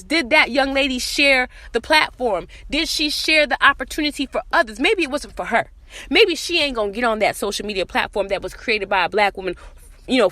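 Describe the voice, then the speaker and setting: A woman's voice: fairly high pitch, bright, forceful tone, dry recording. Blunt, fiery woman podcast host. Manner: blunt, profane and emphatic; repetitive rhetorical questions. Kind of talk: solo podcast monologue. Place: outdoors in morning sun.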